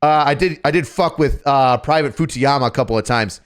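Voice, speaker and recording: A man telling stories on a casual podcast, profane and animated, acting out what people said. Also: medium pitch, a little fast, clear, resonant tone. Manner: profane, animated, acts out shouted quotes. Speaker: podcast co-host telling a story.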